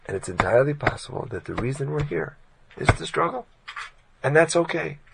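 Gravelly man telling a sermon story. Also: on the high side, brisk, very noisy. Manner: animated, colloquial storytelling.

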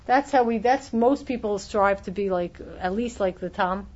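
A woman's voice: mid-range voice, moderate pace, darkish tone. A woman giving a Torah class in an explanatory way, often restarting her sentences, on a dull lo-fi recording. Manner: explanatory, many restarts, acts out quoted voices. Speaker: teacher.

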